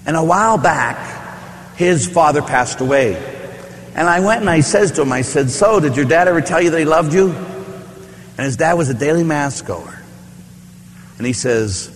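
Priest preaching in a reverberant church. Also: male voice, mid-range voice, expressive, unhurried, a little hiss or hum. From Pittsburgh. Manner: storytelling, conversational with asides and rhetorical questions. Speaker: Catholic priest. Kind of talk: sermon.

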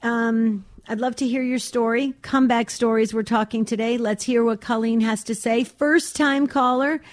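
A woman's voice: fairly high pitch, fairly even intonation, normal speed. A woman co-hosting a call-in radio show in a studio, speaking earnestly with some ums and restarts. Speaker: radio talk show co-host. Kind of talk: casual call-in radio talk. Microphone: studio mic.

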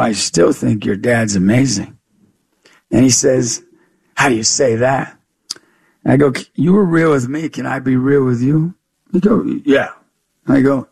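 Gravelly, husky man telling a story. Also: medium pitch. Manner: animated storyteller who acts out dialogue, much "you know" and "I go". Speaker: guest, youth speaker. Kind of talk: storytelling in an interview.

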